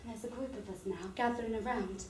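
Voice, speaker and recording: A woman's voice: on the high side, steady tone, fast, a little mellow, roomy sound, natural voice. An actress playing a chatty working-class woman, in a one-woman stage monologue. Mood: gossipy. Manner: gossipy, laughing storyteller. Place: theatre performance space.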